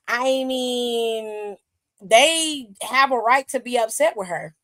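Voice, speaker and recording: A woman with a high voice hosts a casual live stream and retells wrestling drama with blunt, profane energy. Her delivery is animated and full of asides to her co-host. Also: slow pace, low-quality recording.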